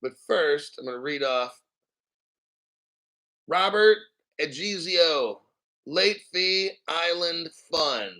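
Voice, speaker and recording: A man hosting a crypto livestream, reading an article aloud with profane, sarcastic rambling asides and frequent throat-clearing. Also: fairly high pitch, drawn-out words, pauses often, bright, forceful tone, rough recording. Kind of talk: profane ranting commentary while reading an article.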